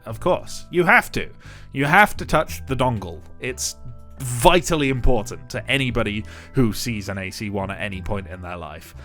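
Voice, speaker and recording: A man talking casually over his gameplay, his voice rising and falling in a lively, animated way. He rambles, chuckles often and pokes fun at himself. Soft guitar music plays faintly behind him. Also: medium pitch. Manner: chuckling, rambling, self-deprecating. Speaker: YouTube game builder.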